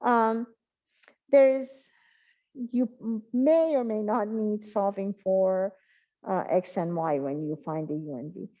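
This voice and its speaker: A woman giving a math exam review in an online class, talking in a halting way and thinking aloud with many pauses and fillers. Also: medium pitch, phone-quality sound. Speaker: math instructor.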